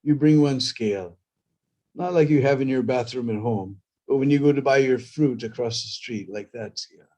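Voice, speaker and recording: A man's voice: medium pitch, normal speed, warm tone, natural voice. Man playing a young cowherd god, playful, offhand, firm when refusing.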